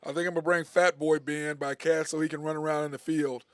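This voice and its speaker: This is a man hosting a sports talk radio show. His voice sits a little high, and he teases his co-hosts with frequent chuckles. The studio mic sounds close and dry. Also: flat delivery, fast, no echo. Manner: teasing, chuckles often. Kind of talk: casual sports talk banter. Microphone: studio microphone.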